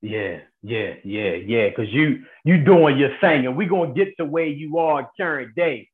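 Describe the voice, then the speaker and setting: A man hosting an interview, asking questions and encouraging his guest with quick affirmations. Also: medium pitch, animated, phone-quality sound. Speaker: podcast host. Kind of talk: conversational interview.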